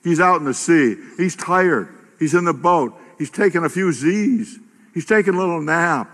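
A man delivers a sermon from the pulpit, his slightly high, forceful voice carrying through a reverberant church hall. He tells stories in an animated way and builds toward emphatic outbursts. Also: normal speed. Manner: animated storytelling, rising to loud exclamations. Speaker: pastor. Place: church sanctuary. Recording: long reverb of a large hall.

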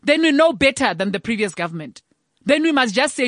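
A woman's voice: mid-range voice, animated, moderate pace, a bit bright, no room sound, studio quality. A South African woman giving an impassioned, blunt monologue and swearing freely.

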